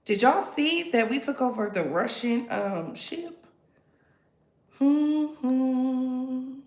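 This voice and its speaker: A woman hosting her own commentary channel, talking straight to her viewers in a sassy, animated way. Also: high-pitched, drawn-out words, echoey room. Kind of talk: casual commentary.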